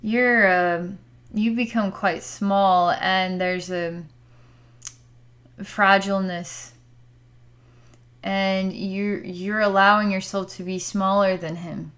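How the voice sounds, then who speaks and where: A woman's voice: medium pitch, steady tone, takes it slowly, long pauses, fairly bright tone. A woman working as a psychic healer, describing what she sees during a distance healing session in a hesitant, word-searching way with sighs.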